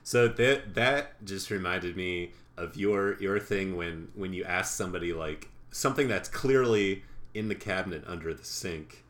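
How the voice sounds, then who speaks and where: A man's voice: low voice, a little slow, few pauses, a bit bright. A young man co-hosting a podcast, chatting casually and rambling, laughing easily. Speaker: podcast co-host. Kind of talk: casual chat.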